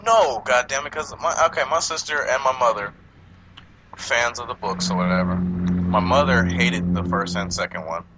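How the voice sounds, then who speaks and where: A man hosting a casual movie podcast, rambling and profane, acting out quotes and laughing loudly. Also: on the low side, flat delivery, moderate pace, background noise.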